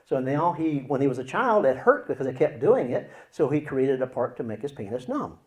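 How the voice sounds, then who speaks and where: A man teaching as a Christian counselor, explaining with acted examples and swinging between loud and hushed delivery. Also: high-pitched.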